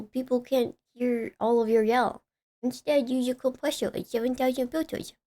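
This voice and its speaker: A woman's voice: on the high side, warm tone. Chatty young woman streamer, laughing often. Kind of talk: casual live-stream chat.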